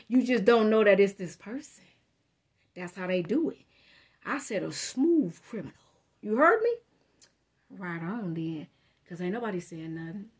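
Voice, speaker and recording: A woman's voice: sits high, sharp tone. A woman giving a casual tarot reading, talking straight to her listener in a blunt, slangy, profane and emphatic way. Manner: emphatic, addresses listener directly. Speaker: tarot reader.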